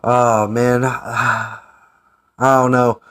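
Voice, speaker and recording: A man's voice: mid-range voice, level tone, very slow, a bit bright, smooth. A man giving casual, sarcastic ranting commentary as an online commentator. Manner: sarcastic, mocking.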